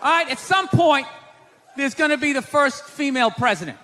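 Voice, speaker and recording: A male stand-up comedian doing a brash set, shouting and talking to the crowd. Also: very high-pitched, lively intonation, moderate pace. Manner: brash, shouting, talks to the audience. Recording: live room with crowd and noise.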